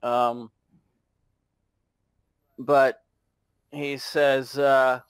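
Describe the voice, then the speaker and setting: Slow, hesitant male game master. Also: medium pitch, little pitch movement, clear, resonant tone, dry recording. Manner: unhurried, hesitant with many fillers. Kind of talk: narrating a tabletop game.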